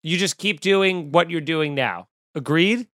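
Male podcast host, comedic and animated, dry close mic. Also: a little high, measured pace, no echo. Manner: animated, jokey storytelling with sudden loud outbursts. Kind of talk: casual comedic podcast chat.

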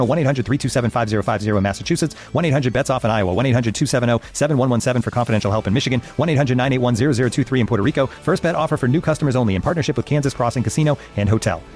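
A man reading a scripted ad with a brisk, clipped legal disclaimer. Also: mid-range voice, a little mellow. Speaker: ad reader.

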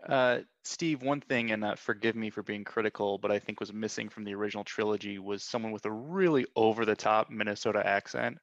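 A man's voice: lowish voice, fairly quick, few pauses. A man co-hosting a podcast, asking joking, teasing questions in a casual interview. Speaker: podcast co-host. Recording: dull lo-fi remote line.

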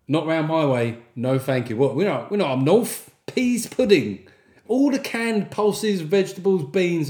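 A man's voice: mid-range voice, darkish tone, reverberant. A man hosting a podcast, delivering a sweary, jokey comic monologue and reading out listener reviews. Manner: sweary, jokey, slips into mock accents. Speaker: podcast host.

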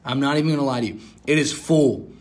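A young man co-hosting a casual chat, animated and prone to sudden loud outbursts. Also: mid-range voice, fast. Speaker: co-host.

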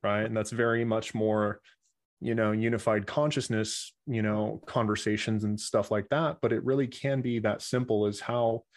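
A man's voice: lowish voice, little pitch movement, moderate pace, no room sound, studio quality. A man speaking as a podcast guest, reflective and spiritual, swearing casually in conversation.

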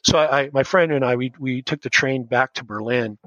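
A man's voice: mid-range voice, a little fast, a bit bright, no echo, muffled recording. A man in his fifties, a schoolteacher telling his own story earnestly in a podcast interview, often restarting his sentences. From United States. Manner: earnest, rambling with frequent restarts. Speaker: guest, schoolteacher.

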